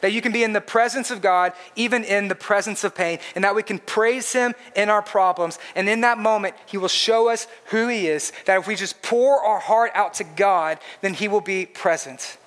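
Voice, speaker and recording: A man's voice: high-pitched, normal speed, few pauses, fairly bright tone. A man preaching a sermon in an earnest, emphatic way, repeating his points for stress. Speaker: pastor.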